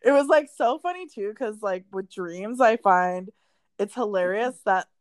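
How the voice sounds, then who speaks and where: A woman's voice: mid-range voice, measured pace, no room sound. A young woman co-hosting a podcast, telling a story in a casual way with plenty of "like" and laughter. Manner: animated storytelling with frequent "like" and laughter. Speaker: podcast co-host.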